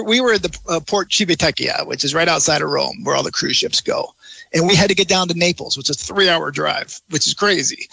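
A man's voice: sits high, gravelly, bright, forceful tone, no echo. A man chatting in an interview about travel, rambling and enthusiastic with lots of restarts. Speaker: travel blogger guest. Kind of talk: casual interview chat.

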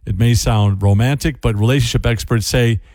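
A man's voice: medium pitch, steady tone, moderate pace, a little mellow, no room sound. A man hosting a radio talk segment, chatty and breaking in with joking asides. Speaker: radio host.

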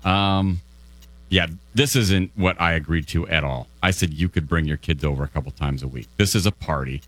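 A man's voice: deep voice, moderate pace, a bit bright, no room sound. A man co-hosting a radio show, talking bluntly and acting out little dialogues in casual banter.

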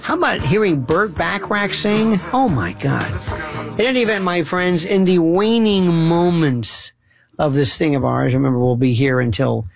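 A man's voice: a little high, normal speed, vocal fry, music in the background. A man hosting a late-night call-in radio show, effusive and theatrical. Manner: theatrical, effusive sign-offs. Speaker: radio talk show host.

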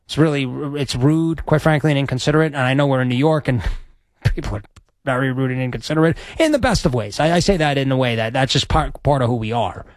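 A man hosts a sports radio show, talking fast into a studio microphone in a mid-range voice with lively intonation and no room sound. His casual chat is rambling and self-deprecating.

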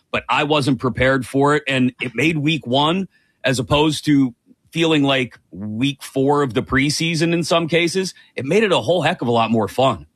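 A man's voice: mid-range voice, a bit bright, dry recording. A man co-hosting a casual sports show, running through game scores and stats. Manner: rattles off scores and stats conversationally. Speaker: co-host.

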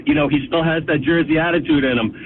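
A man's voice: a little high, steady tone, quick pace. A man calling in to a radio show, telling a story casually with fillers and restarts. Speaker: caller. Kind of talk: casual phone-in chat. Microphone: telephone. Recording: tinny phone line with faint hiss.

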